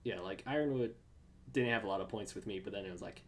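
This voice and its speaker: A podcast host in casual fan chat, excitable and rambling, full of fillers and restarts. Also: low-pitched, fast talker, a little hiss or hum.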